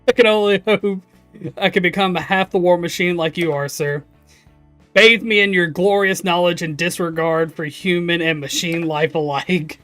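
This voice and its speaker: A man's voice: high voice, fairly even intonation, moderate pace, a bit bright, dry recording, faint music behind. A man voicing an eager young male helicopter cadet in a game, mock-polite and fawning.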